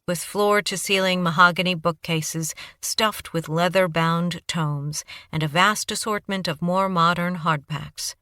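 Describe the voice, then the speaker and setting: A woman narrating an audiobook in steady first-person storytelling. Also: on the low side, clean tone, no room sound, clean studio sound.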